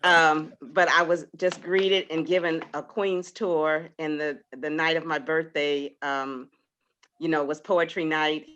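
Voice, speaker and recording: A woman's voice: low voice, little pitch movement, measured pace, a bit bright, highs cut off, slight background noise. A woman in her sixties, a poet, giving a heartfelt spoken tribute to her community, laughing often and trailing off as she gets emotional. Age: 60s.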